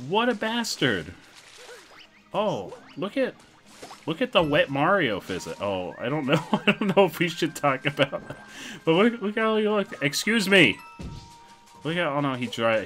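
A young man streaming a video game, commenting casually in an excitable, jokey way. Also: mid-range voice.

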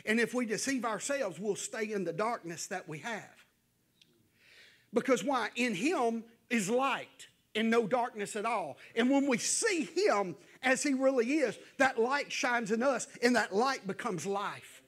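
Man, pastor, very high voice, folksy fervent sermon. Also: expressive, a little slow, fairly bright tone. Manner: conversational, folksy preaching that builds into fervent, raised exhortation. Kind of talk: evening sermon to a church congregation. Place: church.

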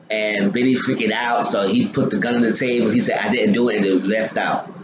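A man's voice: lowish voice, fairly even intonation, a little fast, hardly any pauses, echoey room, highs cut off, background noise. A man casually recapping a TV episode, rambling with many ums and restarts.

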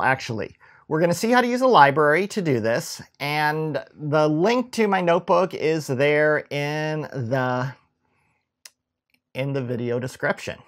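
A man's voice: a little high, fairly bright tone. A middle-aged man giving a casual coding tutorial, chatty and self-deprecating, often restarting his phrases. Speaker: instructor.

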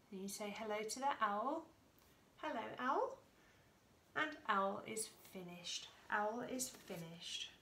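Woman teacher for a children's session, slow and sing-song with some whispering; echoey room with faint hiss. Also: medium pitch. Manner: slow, sing-song, exaggerated and clear, with sudden soft whispers. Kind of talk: Attention Autism session for children.

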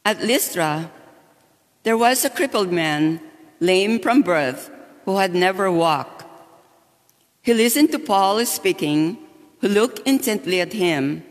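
A man reading scripture and the psalm aloud in church as lector, slow and deliberate. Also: high-pitched, animated. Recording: long church reverb.

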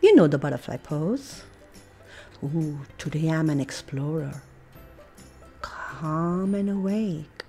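American woman, preschool teacher, slow unhurried kids' yoga story, lively swoops, faint music behind. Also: deep voice. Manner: animated, playful, coaxing, with soft breathy asides. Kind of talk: reading a picture book with yoga poses for children.

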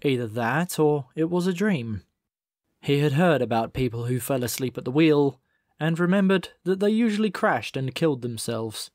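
A man reading a comic novel aloud as audiobook narrator, in a measured, dry storytelling manner. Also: a little high, expressive, a little mellow, no room sound. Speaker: audiobook reader. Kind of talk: scripted narration.

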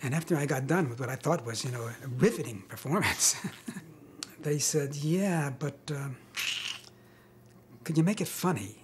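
An older man being interviewed about his acting career, telling wry, self-mocking stories with pauses and chuckles. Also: on the high side, animated, background noise. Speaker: interviewee, actor. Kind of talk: relaxed interview storytelling.

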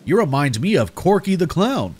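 A man's voice: on the high side, big pitch swings, normal speed, darkish tone, husky, pitched above the performer's own voice. A man voicing a frail, kindly old man with a quavering voice. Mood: friendly.

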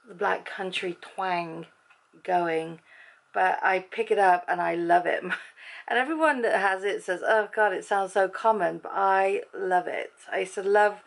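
Middle-aged english woman vlogging, chatty and amused, bit of fry in her voice. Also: mid-range voice. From England. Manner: chatty and amused, reacting to clips. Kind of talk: casual vlog chat.

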